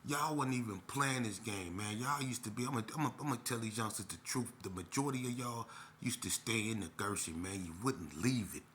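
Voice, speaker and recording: A man's voice: on the low side, a little fast, fairly bright tone, slight background noise. A middle-aged man telling an unscripted personal story in a blunt, streetwise way, circling back with many restarts. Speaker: storyteller recounting his street past.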